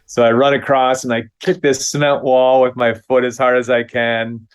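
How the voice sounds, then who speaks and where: Brief: fifties male comic actor from Minnesota, mid-pitched, spinning an animated anecdote with chuckles and acted-out voices. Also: normal speed, clear, resonant tone. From Minnesota, USA. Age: 50s. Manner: lively anecdote, acts out the other voices with big pitch jumps, chuckles. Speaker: guest, comedy actor. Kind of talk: casual storytelling.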